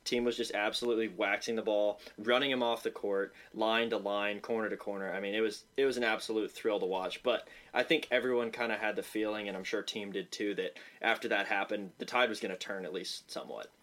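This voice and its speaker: A man co-hosting a casual tennis podcast, excitable and quick to laugh. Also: fairly low pitch. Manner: excitable, laughs often, lots of fillers. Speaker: podcast co-host. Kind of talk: casual sports podcast chat.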